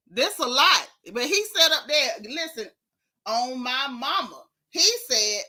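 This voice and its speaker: A middle-aged woman, casually recapping reality TV in an animated, sassy way. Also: high-pitched. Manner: animated, sassy, exclaiming, drawn-out emphasis. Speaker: show recap host.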